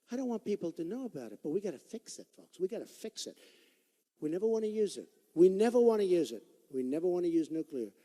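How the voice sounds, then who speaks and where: A political candidate giving an off-the-cuff campaign rally speech, emphatic and repetitive. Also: male voice, a little high, mellow. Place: large indoor rally venue. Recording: long echo of a large hall.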